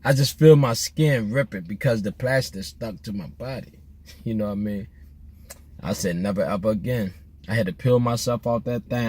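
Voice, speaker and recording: A man's voice: medium pitch, a little mellow, husky, no room sound. A middle-aged man, telling loose, joking stories while he drives, full of slang and restarts. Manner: laid-back, joking, rambling with restarts and slang. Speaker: vlogger. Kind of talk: casual storytelling while driving. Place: in a car.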